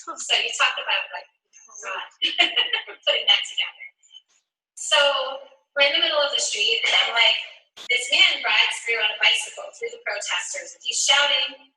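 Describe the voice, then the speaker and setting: A woman's voice: high-pitched, bright, forceful tone. A woman from New York telling a personal story in a speech, earnest and heartfelt. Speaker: speaker sharing a personal story. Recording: echoey room, voice from a distance.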